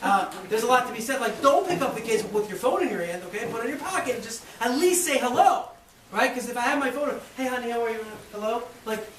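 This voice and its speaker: A man in his thirties teaching a rabbi's class on parenting, lively and laughing, acting out voices as he talks. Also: very high voice, quick pace. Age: 30s. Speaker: rabbi, guest speaker. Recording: roomy, from a distance, faint noise.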